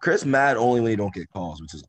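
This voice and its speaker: A man co-hosting a casual basketball podcast, retelling plays in an animated, slangy way. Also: on the low side, quick pace. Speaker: podcast co-host.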